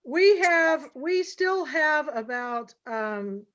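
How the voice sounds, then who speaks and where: High-pitched woman host, energetic and encouraging, on a video call. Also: very slow, highs cut off. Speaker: book club host. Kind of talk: hosting a virtual event.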